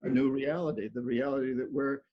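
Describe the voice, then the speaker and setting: A man's voice: medium pitch, steady tone, a little fast, a little hiss or hum. An older man, an author, talking earnestly as a guest on a video call and often repeating words as he goes. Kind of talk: casual video-call interview. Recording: dull lo-fi video-call audio.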